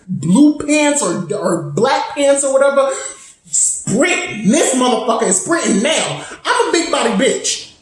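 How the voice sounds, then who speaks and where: A woman in her twenties telling a personal story in a casual, profane, rambling way, full of side tangents. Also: high voice. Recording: very echoey room.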